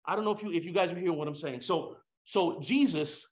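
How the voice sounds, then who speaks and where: A man's voice: high-pitched, a little fast, few pauses. A man preaching a sermon with emotion, repeating his phrases for emphasis and slipping into casual slang. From Hispanic background. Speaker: pastor. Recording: dull lo-fi sound.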